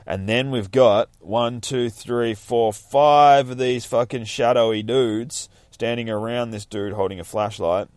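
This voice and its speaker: A man's voice: fairly low pitch, moderate pace, a little mellow, no echo. A man casually reading through a comic book, cursing freely and rambling about the panels. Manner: profane, rambling, bursts of hype. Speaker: comic reader vlogger.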